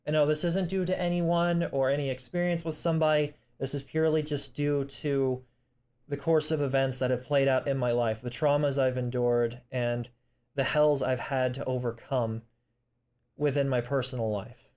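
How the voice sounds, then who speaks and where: A young man talking in a personal vlog, emotional and close to tears, halting with many restarts, apologizing and swearing. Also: mid-range voice, steady tone, a little mellow, smooth. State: emotional, tearing up. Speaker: vlogger.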